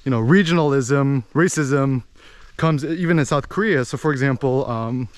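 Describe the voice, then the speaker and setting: An American man talking in a rambling, animated way as he vlogs outdoors in a village, with lots of fillers. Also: medium pitch, moderate pace, no echo. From United States. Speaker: vlogger. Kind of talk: casual walking vlog monologue.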